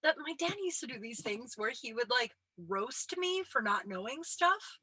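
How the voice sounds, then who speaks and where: A woman's voice: a little high, lively intonation, normal speed, bright, forceful tone, slightly rough, no room sound. A woman in her late thirties hosting a podcast, telling stories in a chatty, self-deprecating way, filling her talk with "like" and casual swearing. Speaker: podcast host and comedian. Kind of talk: casual storytelling monologue.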